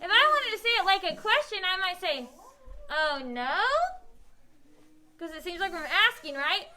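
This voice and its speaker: A very high, bright woman's voice leads a classroom lesson with lively ups and downs in pitch. She teaches young children, posing questions and coaxing them toward answers in an expressive way. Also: fast talker. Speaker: elementary school teacher. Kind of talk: classroom instruction.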